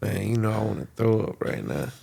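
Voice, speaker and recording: A man's voice: on the low side, sing-song, a little fast, gravelly, mellow, husky. A man on a casual podcast, mostly reacting with short remarks and swearing freely. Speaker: podcast co-host. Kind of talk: casual chat.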